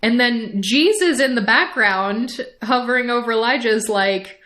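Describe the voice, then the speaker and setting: A young woman co-hosting a podcast, recapping a show in a casual, animated way, laughing often and restarting her sentences. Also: a little high, normal speed. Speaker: podcast co-host.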